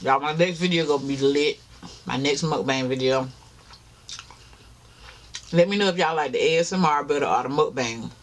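A man's voice: fairly high pitch, normal speed, long pauses, slight background noise. A tired man, chatting casually to viewers while eating in a mukbang vlog. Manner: chatty, talks straight to viewers as y'all, chewing between lines. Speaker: mukbang vlogger.

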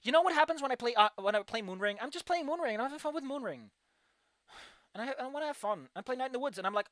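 A woman streamer giving a casual, frustrated, ranting critique of a game, with animated outbursts. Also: sits high, very fast, dry recording, clean studio sound. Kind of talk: casual livestream commentary.

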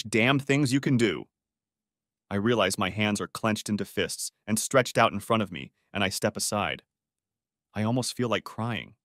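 A man giving an expressive scripted narration of a story. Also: on the low side, dry recording, studio quality. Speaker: audiobook narrator.

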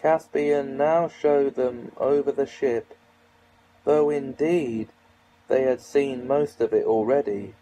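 A man reading a children's novel aloud in a measured storytelling manner. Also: medium pitch, fairly even intonation, mellow, a little hiss or hum, rough recording. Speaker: audiobook reader.

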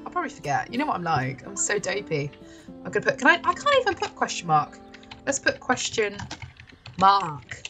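A young British woman talks through her game in a bubbly, giggly, chatty way. Her voice is bright and swoops up and down, with faint game music playing under it. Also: medium pitch, very animated, a little fast. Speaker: gaming YouTuber. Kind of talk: casual let's-play chat.

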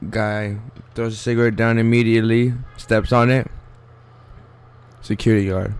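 A man's voice: lowish voice, little pitch movement, normal speed, clean tone. A young man giving casual gameplay commentary, joking around and trash-talking with plenty of swearing. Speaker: gamer.

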